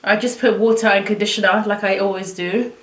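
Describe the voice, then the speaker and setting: A woman's voice: mid-range voice, fairly quick. Chatty woman in an echoey room. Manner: chatty, excitable, talks to viewers while working. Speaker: beauty vlogger. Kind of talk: casual makeup tutorial.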